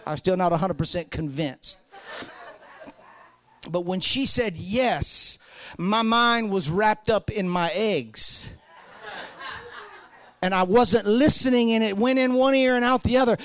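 A man preaching a sermon as pastor, telling stories and swinging from soft talk to loud, fervent passages. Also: sits high, slow pace, long pauses, no echo.

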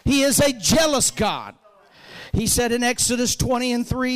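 A man preaching a sermon as pastor, swinging from shouted emphasis down to low, quiet lines while quoting scripture. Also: moderate pace.

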